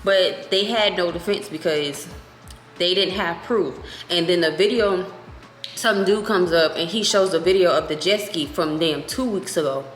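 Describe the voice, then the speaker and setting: Lively young woman telling a story. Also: lowish voice, normal speed. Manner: animated, profane, expressive. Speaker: storytime vlogger. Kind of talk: casual storytelling. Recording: echoey room with faint music.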